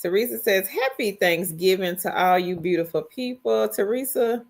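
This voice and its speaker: A woman's voice: mid-range voice, animated, normal speed. A middle-aged woman, hosting a casual livestream and greeting viewers one by one as she reads their comments aloud. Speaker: livestream host.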